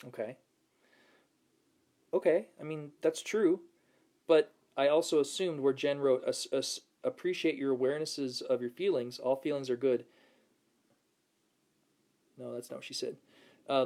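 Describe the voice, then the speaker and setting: Casual male self-help host, easygoing and chuckling, mid-pitched voice. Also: a little slow, pauses often. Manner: relaxed, laughs often, reads viewer comments aloud. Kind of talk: casual motivational talk to camera.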